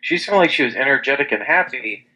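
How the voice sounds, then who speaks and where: A man's voice: medium pitch, animated, fast, sharp tone, poor audio. A young man in casual chat, telling rambling stories with lots of restarts and crude language. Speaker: podcast co-host.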